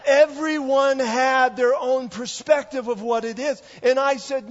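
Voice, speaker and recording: A male pastor preaching a sermon, telling a story in a measured way. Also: very high-pitched, steady tone. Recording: echoey hall, dull lo-fi sound.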